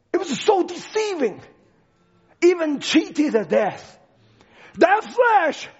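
A male preacher giving a dramatic sermon, swinging from shouts to hushed lines, on a dull lo-fi recording. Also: extremely high pitch.

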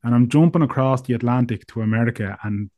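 A man's voice: medium pitch, fast, mellow. A man hosting a podcast, who thinks aloud in a reflective way and often stops and restarts his sentences. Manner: reflective, hesitant, with many restarts. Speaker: podcast host. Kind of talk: conversational interview.

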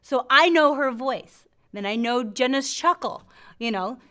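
A woman's voice: sits high, animated, unhurried, pushed and bright. A middle-aged woman hosting a faith show, teaching from the Bible with lots of laughter and acted-out voices. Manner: laughs often, acts out scripture voices. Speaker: faith podcast host.

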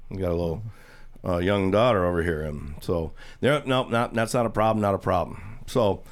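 A man's voice: deep voice, fairly quick. Rambling joke-telling radio host man. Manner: rambling storyteller, chuckles. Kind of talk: casual radio chat.

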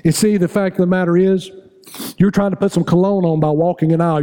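A man's voice: high voice, steady tone, fast talker, warm tone. A middle-aged man preaching a sermon as pastor, building to raised, repetitive appeals to his congregation. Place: church sanctuary.

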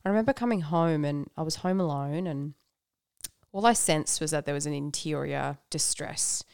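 A woman's voice: low voice, moderate pace, vocal fry, darkish tone, clean tone, dry recording, studio quality. A woman speaking candidly and reflectively in a casual conversation about her faith, often laughing and using fillers. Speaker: guest.

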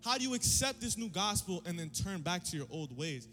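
A man voicing an exasperated male apostle who scolds his flock in loud, sarcastic slang. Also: fairly high pitch, sing-song, takes it slowly, big-room sound, soft background music.

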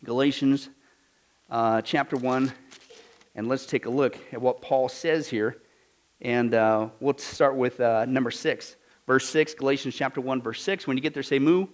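A man preaching a sermon with emphatic swings between loud declarations and quiet asides, often throwing rhetorical questions to the congregation. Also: high voice, moderate pace. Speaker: pastor.

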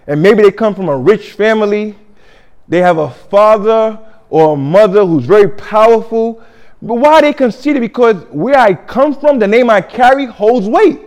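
High-voiced man preaching conversationally. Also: lively intonation, normal speed, a little mellow. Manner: conversational, repeats himself, leads call-and-response. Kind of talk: sermon.

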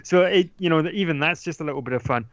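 A man's voice: fairly high pitch, fast, fairly bright tone, no echo. A man chatting casually about board games, rambling with lots of ums and restarts. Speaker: podcast guest talking board games. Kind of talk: casual chat. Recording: dull lo-fi dry sound.

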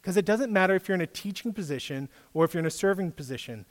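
A man's voice: sits high, expressive, fast, in a large hall. A man giving a casual sermon as a youth pastor, chatty, quizzing his listeners with questions. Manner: conversational, quizzes the audience. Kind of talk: casual preaching.

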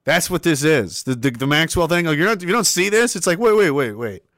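A man hosting a livestream talk show, reading viewer messages aloud in a casual, animated and profane way. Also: fairly high pitch, quick pace, dry recording, studio quality. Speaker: show host.

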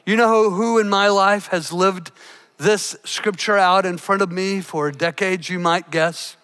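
Bright-voiced older man preaching a sermon. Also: sits high, steady tone, a little slow, clean tone. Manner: emphatic preacher with big swings between loud and hushed. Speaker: pastor. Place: church.

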